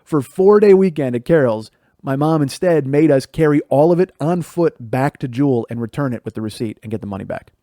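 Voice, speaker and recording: A man's voice: mid-range voice, expressive, brisk, warm tone, no echo, studio quality. A middle-aged man from the Chicago area, hosting a podcast and telling profane stories about his childhood, laughing as he goes. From Chicago area, USA. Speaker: podcast host. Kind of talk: storytelling monologue.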